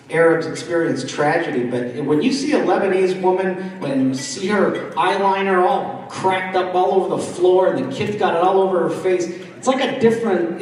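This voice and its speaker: In an echoey hall, a comedian from the Washington, D.C. area of the East Coast of the United States works the dinner crowd from a distance. His voice is high-pitched, and the recording carries a little hiss or hum. He chats with the room and frequently puts questions to the audience.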